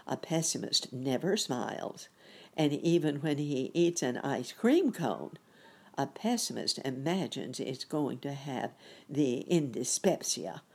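A woman reading a children's story aloud in a lively, expressive way. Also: very deep voice, creaky, husky.

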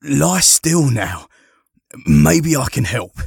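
A man reading a storybook voices an older retired sailor who talks firmly but gently. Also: fairly low pitch, animated, moderate pace, creaky, breathy edge, no room sound, clean studio sound, exaggerated voice. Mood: insistent. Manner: firm, gently reassuring. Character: gruff retired sailor, kind but weary.

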